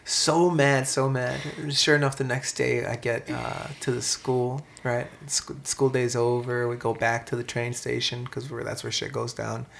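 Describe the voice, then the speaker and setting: A man in casual chat, telling a story in an animated, profane way, with lots of "man" and "dude". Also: mid-range voice, measured pace, gravelly, few pauses, slight background noise.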